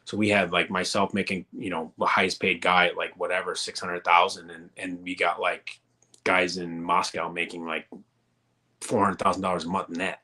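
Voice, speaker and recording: A man's voice: deep voice, level tone, normal speed, pushed and bright. A man in his thirties, a former pro hockey player, telling rambling, profane stories in a casual interview. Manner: rambling and profane, many fillers.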